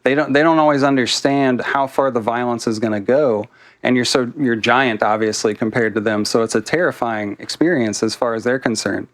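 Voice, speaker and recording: Smooth-voiced man thinking aloud. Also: mid-range voice, brisk. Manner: reflective, thinks aloud in long winding sentences. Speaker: debate guest. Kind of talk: casual debate conversation.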